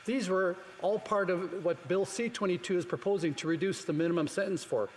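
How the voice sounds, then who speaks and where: A man's voice: high-pitched, brisk. Man giving a pointed chamber speech. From Canada. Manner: firm, pointed, rhetorical questions. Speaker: member of parliament. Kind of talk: formal parliamentary speech. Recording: long reverb from a large chamber, faint background noise.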